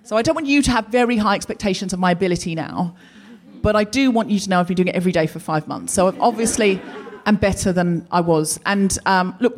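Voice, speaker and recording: A woman from Australia hosting a live show, telling self-mocking comic stories in a chatty way. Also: a little high. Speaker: podcast host. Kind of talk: live stand-up comedy monologue.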